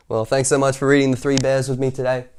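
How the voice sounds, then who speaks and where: A man's voice: medium pitch, a little hiss or hum. A man reading a children's picture book aloud, in a playful way with chatty asides between passages. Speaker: children's story reader.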